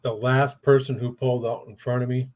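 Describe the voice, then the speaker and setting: A man's voice: mid-range voice, level tone, a little fast, darkish tone. An older man, a grandfather, hosting a casual chat show and telling rambling stories in a blunt, profane way. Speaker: podcast host.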